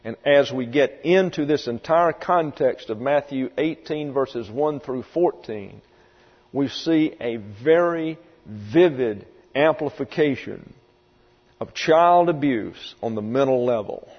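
A man's voice: mid-range voice, lively intonation, slow pace, slightly rough. A man preaching an expository sermon, emphatic and vivid, sometimes acting out voices. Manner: emphatic, acts out voices in quotes. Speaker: pastor. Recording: reverberant hall, dull lo-fi sound, mains hum.

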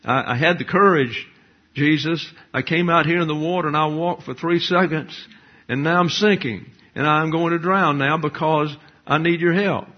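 A preacher in a sermon acting out a frightened man who pleads for help as he sinks, in a husky voice on a dull lo-fi recording. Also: on the high side, normal speed, voice pushed up, lightly acted. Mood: pleading. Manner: pleading, anxious.

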